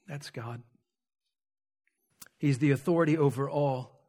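A man preaching a sermon, earnest, swinging between emphatic points and hushed, quiet stretches. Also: mid-range voice, unhurried.

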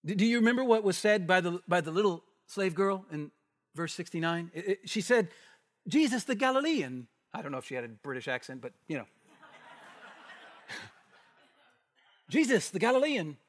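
A man preaching an expository sermon, animated, acting out the voices in the passage he reads. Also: on the high side, fast talker, big-room sound. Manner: animated, acts out the bystanders' challenge.

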